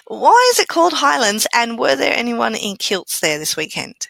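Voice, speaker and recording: A woman's voice: fairly high pitch, sing-song, normal speed, vocal fry, fairly bright tone, no room sound, poor audio. A woman with an Irish accent co-hosting a podcast in teasing, easygoing chat. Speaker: podcast co-host.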